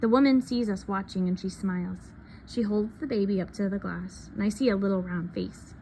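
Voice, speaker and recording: A woman reading a picture book aloud in a soft, unhurried storytelling manner. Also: mid-range voice, vocal fry, a little hiss or hum. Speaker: reader.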